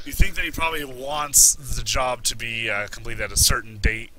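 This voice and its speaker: A man's voice: medium pitch, normal speed, noisy background. A man acting as game master in a casual tabletop game, joking and laughing often.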